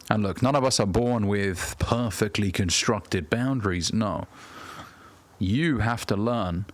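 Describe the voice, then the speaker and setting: A man in his thirties giving blunt, profane self-improvement advice straight to the camera as a coach. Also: on the low side. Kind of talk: direct-to-camera advice talk.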